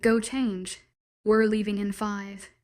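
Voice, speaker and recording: A woman's voice: medium pitch, little pitch movement, slow, darkish tone, natural voice. Woman voicing a stern werewolf guy, clipped orders, audiobook. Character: angry commanding young werewolf man.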